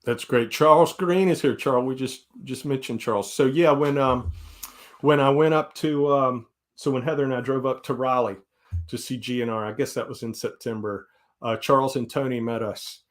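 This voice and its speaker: An easygoing man in his forties with a Southern US accent rambles through a casual live-stream chat. His voice sits at an ordinary middle pitch. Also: steady tone, normal speed. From South Carolina, US. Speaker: guest host.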